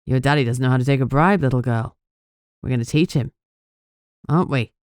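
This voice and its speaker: A woman's voice: very deep voice, a little fast, darkish tone, clear, resonant tone, no room sound, studio quality, voice pushed down. A woman voicing a threatening male kidnapper with a mocking, menacing manner in an audiobook.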